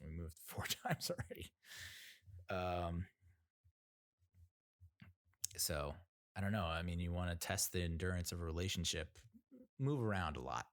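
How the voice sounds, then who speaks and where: A man hosting a podcast, telling a story in a rambling, sarcastic way with lots of fillers. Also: sits low. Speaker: podcast host. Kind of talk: casual storytelling monologue.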